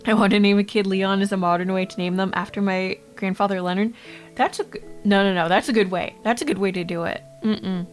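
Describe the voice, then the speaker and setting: A young woman from Canada talks casually to her stream chat at a middle pitch. She is blunt, swears freely and laughs often while she tells a story. Soft music plays faintly underneath. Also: steady tone, fairly quick. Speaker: VTuber streamer.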